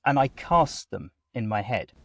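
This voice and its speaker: A man speaking as a guest voice actor in a conversational interview, chatty and animated as he explains his work at length. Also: mid-range voice, a little slow, creaky.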